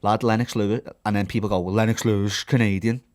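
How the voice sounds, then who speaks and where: A man's voice: on the low side, fairly even intonation, fast talker. A young man hosting a casual podcast, blunt and sweary, calling everyone "lad". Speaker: podcast host and fighter. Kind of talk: casual sporty banter. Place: indoor podcast studio.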